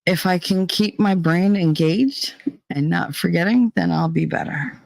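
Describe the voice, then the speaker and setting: Gravelly-voiced woman chatting casually. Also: on the low side, measured pace, darkish tone, no echo. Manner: rambling, swearing, laughing often. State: dizzy, shaky after a panic attack. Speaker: streamer chatting with viewers. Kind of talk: casual live-stream chat.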